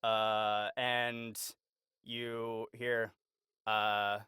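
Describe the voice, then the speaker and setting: A man's voice: fairly high pitch, a little slow, fairly bright tone, clean tone, no room sound, studio quality. A man running a tabletop game as game master, narrating in a hesitant way with many fillers and frequent laughter.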